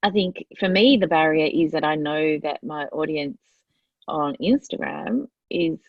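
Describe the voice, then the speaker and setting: A woman's voice: low voice, measured pace, no echo. An Australian woman co-hosting a podcast in casual chat, agreeable and thinking aloud with frequent fillers. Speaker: podcast co-host. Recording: dull lo-fi sound.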